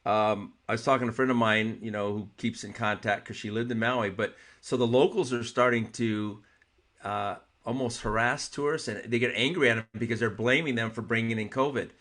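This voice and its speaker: A man's voice: mid-range voice, fairly even intonation, a little fast, a bit bright. A man co-hosting a martial arts talk show, chatting casually and telling exasperated stories. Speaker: martial arts podcast co-host. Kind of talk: casual chat.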